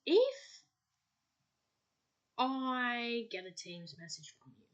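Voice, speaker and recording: Animated, exasperated woman ranting. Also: on the high side, a little slow, lo-fi sound. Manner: exasperated ranting, lecturing, repeats "okay?". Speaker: podcast host. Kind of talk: solo monologue to listeners.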